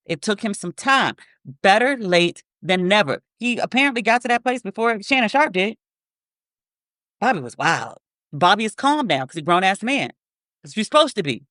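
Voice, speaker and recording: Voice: mid-range voice, fairly bright tone, no echo, clean studio sound. A podcast host giving blunt, profane, openly petty commentary on a news story.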